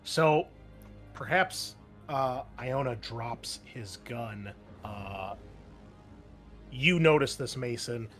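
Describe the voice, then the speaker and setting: A man narrating a tabletop role-playing game as game master, pausing often with fillers and restarts. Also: mid-range voice, a bit bright, soft background music. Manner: halting, many fillers and restarts.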